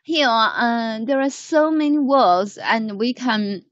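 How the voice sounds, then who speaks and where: A woman's voice: fairly high pitch, expressive, takes it slowly, dry recording, lo-fi sound. Encouraging woman teacher. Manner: encouraging, corrects pronunciation patiently. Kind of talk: language lesson, reading aloud.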